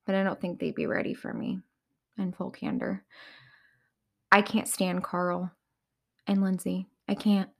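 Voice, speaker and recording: A woman's voice: mid-range voice, vocal fry. A woman hosting a podcast, giving blunt, opinionated commentary on reality TV and often laughing at herself. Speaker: podcast host.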